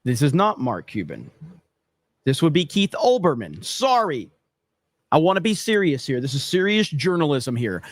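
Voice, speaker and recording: Sarcastic high-voiced male podcaster. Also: huge pitch swings, normal speed, no echo, studio quality. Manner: sarcastic, mocking, laughing asides. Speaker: podcast host reacting to clips. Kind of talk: casual commentary.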